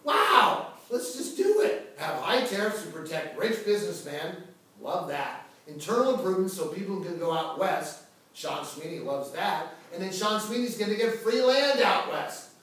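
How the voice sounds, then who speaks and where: A man teaching a history class in a lively, dramatic way, cracking jokes as he lectures. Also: high voice, normal speed. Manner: animated, dramatic, jokey asides. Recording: echoey room, voice from far off.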